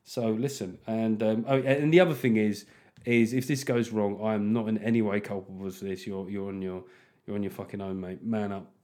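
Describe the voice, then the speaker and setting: A man's voice: lowish voice, steady tone, brisk, darkish tone. A man hosting a podcast, delivering a casual comic monologue that rambles and is full of swearing. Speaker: podcast host.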